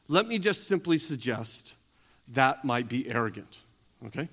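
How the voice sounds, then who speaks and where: A male pastor preaching a sermon, moving between quiet teaching and loud, emphatic preaching. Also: mid-range voice, expressive, unhurried.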